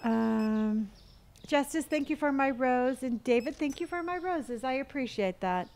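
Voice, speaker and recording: A woman's voice: high voice, expressive, a little slow, a little mellow. A woman streaming a game live, chatting casually, thanking viewers for gifts, answering chat questions, and humming or counting money under her breath as she plays.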